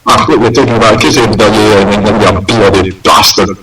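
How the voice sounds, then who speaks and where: A man voicing a grumpy male penguin with a put-on Scottish accent, gruff and quick to hurl insults in an improvised comedy sketch. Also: on the low side, steady tone, echoey room, over music, pitched below the performer's own voice, lightly acted. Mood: grumbling, indignant. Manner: gruff, blustering, hurls insults. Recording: distant mic with loud hiss.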